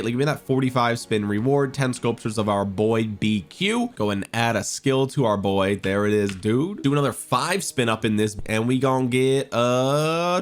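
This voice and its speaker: A young man narrates his gameplay for viewers while still getting over a cold. He talks fast and excitedly, griping at bad luck and cheering at good luck. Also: medium pitch. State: recovering from a cold. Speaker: gaming video creator. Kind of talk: gameplay commentary.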